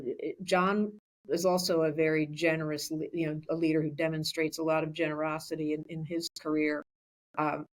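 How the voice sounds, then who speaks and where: A woman in her sixties, a school superintendent, talking in a chatty way with many restarts in a podcast interview. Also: low-pitched. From Philadelphia area, USA.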